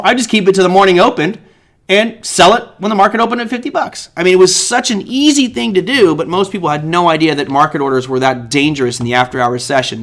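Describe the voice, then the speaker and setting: A man's voice: fairly high pitch, fairly bright tone. A man hosting a live trading recap show, talking casually and rambling, often correcting himself and breaking into sudden exclamations. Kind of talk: live market recap talk.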